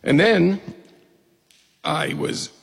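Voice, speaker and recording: Husky, gravelly middle-aged male storyteller, comic timing, from upstate New York. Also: high voice, extremely slow. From New York State. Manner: lively, humorous, acts out quoted voices. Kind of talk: personal story told to an audience. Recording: long hall reverb.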